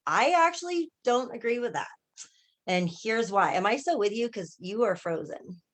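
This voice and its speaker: A woman coach and healer in an animated, casual group chat on a video call, often checking in with her listeners as she tells stories. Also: on the high side, moderate pace. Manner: animated storyteller, often asks "right?" and acts out quoted voices.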